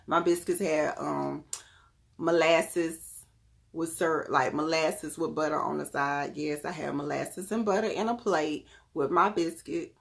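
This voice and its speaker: A woman with a slightly low-pitched voice chats casually with her viewers. She speaks in a lively, familiar way and laughs easily. She addresses the audience directly and keeps the talk warm and conversational. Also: a little slow, creaky. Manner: chatty, lively, often laughing; talks straight to the audience. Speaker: wellness vlogger.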